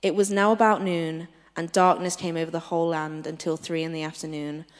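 A woman reading a scripture passage aloud, steady and careful. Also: sits low, fairly quick. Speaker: scripture reader. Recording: reverberant hall.

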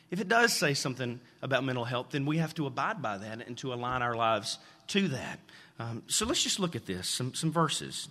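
A man's voice: mid-range voice, fairly bright tone. A man preaching a sermon as pastor, talking casually with fillers and acting out the voices in his stories. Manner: conversational with fillers, acts out quoted voices. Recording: long reverb of a large hall.

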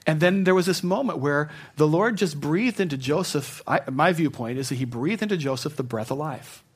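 A middle-aged male pastor delivers a sermon in a fairly high-pitched voice. He tells personal stories in a confiding tone, sinking to near-whispers and then climbing to earnest, fervent peaks. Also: expressive, normal speed, slightly rough. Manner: personal storytelling, swings from hushed to fervent.

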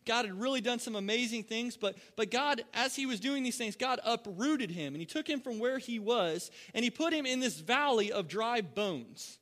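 Pastor guy preaching, kinda high voice, bright tone, chatty with the church. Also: moderate pace, few pauses. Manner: animated, joking, talks to the congregation. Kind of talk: sermon.

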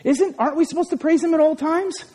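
A man preaching a sermon with passion, often shouting and asking his congregation questions. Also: extremely high pitch, quick pace. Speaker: pastor.

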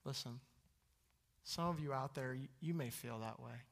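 A young adult man preaching a sermon, jumping to loud high exclamations and dropping to hushed low asides. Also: moderate pace, creaky. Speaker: pastor.

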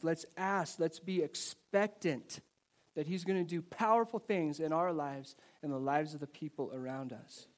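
A man preaches to his congregation with a high, bright voice. He moves between casual storytelling and earnest exhortation, animated and conversational. It sounds like a live church sermon. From United States. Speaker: pastor. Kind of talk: sermon with personal stories. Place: church service before a congregation.

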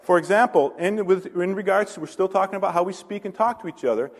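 A man's voice: high voice, fast talker, in a large hall. A male pastor preaching a conversational sermon, asking the congregation questions and adding self-deprecating asides.

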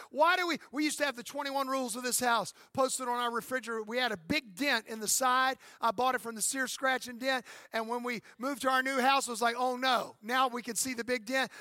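A man's voice: very high voice, sharp tone, dry recording, clean studio sound. A man in his fifties, a pastor preaching an emphatic sermon and calling out for amens. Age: 50s. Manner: emphatic preaching with calls for amen.

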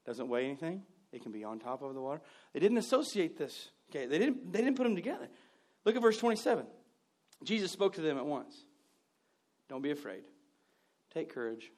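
A man preaching a sermon, joking with the congregation and acting out scenes, swinging from loud outbursts to hushed asides. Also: high voice. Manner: animated and joking, acts out scenes. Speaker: pastor.

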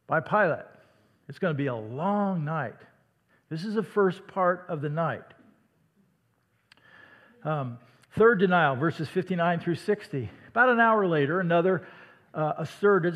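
A man with a slight Midwestern accent preaches in a chatty, plain-spoken way and often sinks to a hush for weight. His voice sits a little high for a man. The hall behind him rings with a long reverb. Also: expressive, unhurried. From Iowa. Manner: conversational, dramatic dips to a hush. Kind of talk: sermon.

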